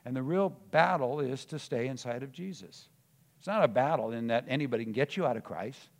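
A man preaching a sermon at a mid-range pitch. He shifts from quiet, searching talk to loud, emphatic declarations and repeats words as he builds momentum. His voice rings through a large hall with a long reverb tail. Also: a little fast.

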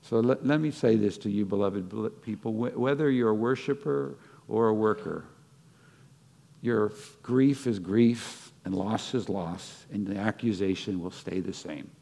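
A man's voice: fairly low pitch, unhurried, vocal fry, mellow. A man preaching a sermon in a conversational way, stumbling over restarts, laughing at himself, then rising to fervent peaks. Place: church sanctuary. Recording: long hall reverb.

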